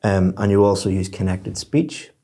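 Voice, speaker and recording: A deep, mellow male voice talks through feedback as an examiner would. He is patient and explanatory, pausing to act out sample sentences. The tone is that of a one-on-one tutoring session. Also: little pitch movement, gravelly. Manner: patient, explanatory, demonstrates phrases aloud. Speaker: IELTS examiner giving feedback.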